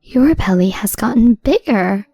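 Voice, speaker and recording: A woman voicing a gentle frail older mother. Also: on the high side, expressive, a little slow, slightly rough, no room sound, studio quality, soft background music, exaggerated voice. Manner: soft, uncomplaining.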